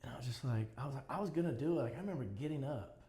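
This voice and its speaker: A man's voice: medium pitch, expressive, very fast, warm tone. A man as a podcast guest, talking in a casual interview with earnest, reflective storytelling. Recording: roomy echo with faint ambience.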